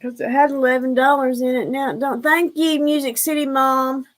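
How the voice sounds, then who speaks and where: A woman's voice: high voice, steady tone, normal speed. A woman hosting a casual livestream, rambling and out of breath as she talks to her viewers. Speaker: livestream host.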